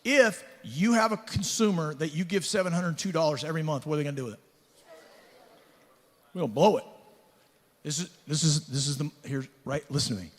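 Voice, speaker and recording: A man's voice: a little high, brisk, pauses often. A man giving a sales talk at a conference, running through loan numbers and telling stories with acted-out dialogue. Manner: punchy storytelling, acts out dialogue. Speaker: conference speaker. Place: large conference hall. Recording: echoey hall reverb.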